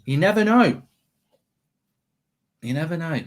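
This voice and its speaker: Excitable man hosting a football watchalong. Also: on the high side. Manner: excitable, quick restarts and self-corrections. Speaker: host. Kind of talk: live football watchalong chat.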